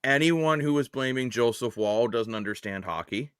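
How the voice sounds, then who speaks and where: A man's voice: mid-range voice, animated, normal speed, fairly bright tone, clean tone, no echo, clean studio sound. A man hosting a casual post-game sports panel, blunt and opinionated with a joking streak. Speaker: host.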